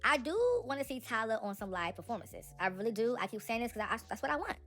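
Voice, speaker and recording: A young woman giving casual, animated celebrity gossip commentary, talking straight to her viewers. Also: a little high, fast, soft background music.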